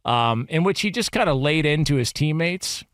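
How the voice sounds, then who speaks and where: A man co-hosting a casual sports talk radio show, animated and emphatic as he reads quotes aloud. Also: on the high side, moderate pace, no room sound, studio quality.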